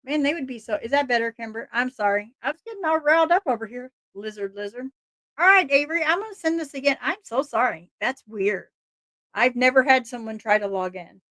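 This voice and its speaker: A woman hosting a casual live stream, talking in an excitable, rambling way and laughing often. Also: high-pitched, fairly quick, no room sound, clean studio sound. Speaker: livestream host.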